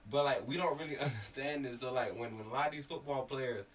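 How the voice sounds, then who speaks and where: Animated Miami man telling stories. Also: medium pitch, fast. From Miami area. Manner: animated, swearing, acts out quotes, loud when worked up. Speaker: podcast co-host. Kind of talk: casual storytelling chat. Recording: slightly distant mic, faint background noise.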